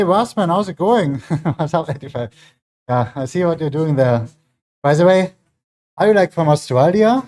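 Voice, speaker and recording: A man whose first language isn't English streams from his home gym mid-workout, his voice fairly high and a little mellow. He chats loosely with viewers, reading and answering chat messages, and fills his rambling speech with "like."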